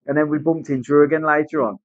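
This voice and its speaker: A British man with a slightly raised pitch tells a rambling, casual story, swearing freely and slipping into other people's voices. The recording is dry and a little dull, with no room sound. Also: fairly even intonation, quick pace, no echo. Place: tattoo studio.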